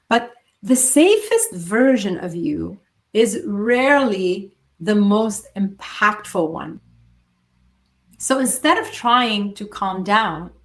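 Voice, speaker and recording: A woman with a medium-pitched voice hosts a solo motivational podcast. She speaks in an earnest coaching tone and uses emphatic pauses.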